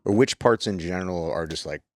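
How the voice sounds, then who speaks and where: A man's voice: low-pitched, fairly quick, no room sound, studio quality. A man hosting a podcast, asking rambling, casual questions and swearing now and then. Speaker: podcast host.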